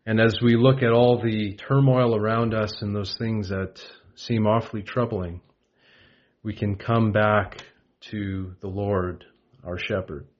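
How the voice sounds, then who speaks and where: Male preacher, slow and gentle devotional delivery, dull lo-fi recording. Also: fairly low pitch, flat delivery. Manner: gentle, unhurried, with frequent pauses and fillers. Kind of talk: devotional Bible talk.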